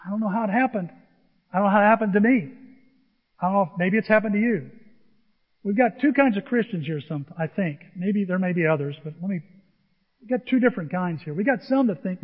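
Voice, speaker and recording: A male pastor preaching a sermon, animated and acting out the people he quotes. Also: high-pitched, fairly quick. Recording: dull sound in a large reverberant hall.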